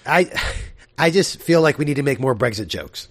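A man's voice: medium pitch, expressive, moderate pace, fairly bright tone, no echo. A man co-hosting a casual podcast, often laughing and hesitating as he talks. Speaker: podcast co-host. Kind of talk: casual chat.

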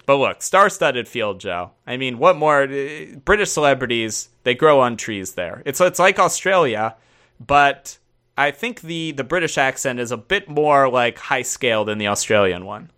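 A man's voice: medium pitch, expressive, moderate pace, bright, forceful tone. A man co-hosting a casual podcast chat, playful and jokey. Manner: jokey, playful, quotes people in funny voices. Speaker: podcast co-host.

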